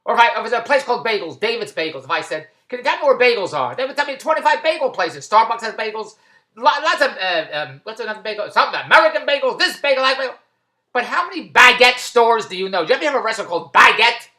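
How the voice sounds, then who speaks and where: A man vlogging about his day at a shopping mall, rambling and repetitive, breaking into loud plugs for his business. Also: very high-pitched, big pitch swings, fast, roomy sound. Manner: repetitive, tangential, with loud self-promoting plugs. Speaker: vlogger and online business owner. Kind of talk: rambling casual vlog.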